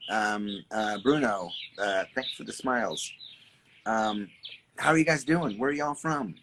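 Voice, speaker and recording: Low-voiced man live-streaming among loud birdsong. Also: unhurried, slight background noise. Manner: animated and repetitive, swearing, greeting viewers by name. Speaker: artist and creative coach hosting a live stream. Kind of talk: casual live-stream chat reading viewer comments. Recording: birds chirping clearly in the background.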